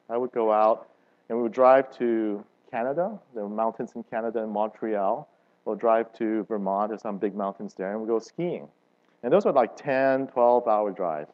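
A man preaching a conversational sermon, telling stories and asking the audience questions with lively emphasis. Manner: relaxed, chatty, asks the audience questions; lively swings in loudness and pitch for emphasis. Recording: dull lo-fi recording.

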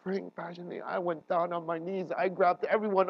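A man preaching a sermon as a pastor, earnest and emotional, his voice building to loud emphatic peaks. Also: high-pitched, flat delivery, a little fast, creaky, dry recording, muffled recording. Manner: emotional, voice rising and breaking while retelling a crisis.

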